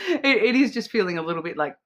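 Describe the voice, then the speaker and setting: A woman giving a casual, rambling card reading to camera, full of fillers and restarts. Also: mid-range voice. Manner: chatty and rambling, with frequent fillers, self-restarts and laughs; acts out playful quoted voices. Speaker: card reader.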